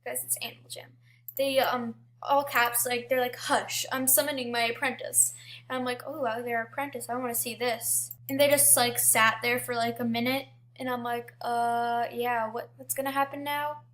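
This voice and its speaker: A woman's voice: fairly high pitch, level tone, moderate pace, fairly bright tone. A teenage girl casually telling stories about an online game, chatty with many fillers and restarts. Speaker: gaming storyteller. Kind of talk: casual storytelling.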